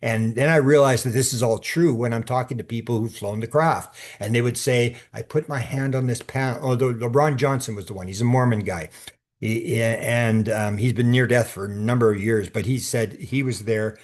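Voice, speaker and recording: A man's voice: mid-range voice, a little mellow. A man speaking as a guest on a podcast, telling stories in a loose, conversational way. He stumbles and restarts often, doubling back on his words, and slips into acting out what people said. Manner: halting, with frequent restarts and repeated words; acts out quoted speech in his stories. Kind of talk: casual interview storytelling.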